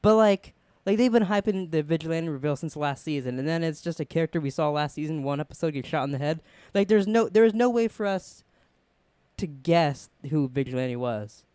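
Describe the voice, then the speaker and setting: Young man with a smooth, clear voice. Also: on the high side, a little fast, no echo. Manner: excited, rambling with many "like"s and restarts. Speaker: podcast co-host. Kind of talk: casual TV review chat.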